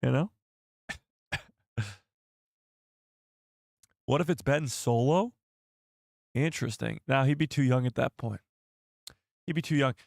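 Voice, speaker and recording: A man hosting a casual live stream and chatting with viewers, with a hoarse voice that is almost gone. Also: mid-range voice, slow pace, pauses often, no room sound, studio quality. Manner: laughing fits, excitable, chatty with viewers. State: losing his voice. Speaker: YouTube livestream host. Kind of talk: casual livestream chat.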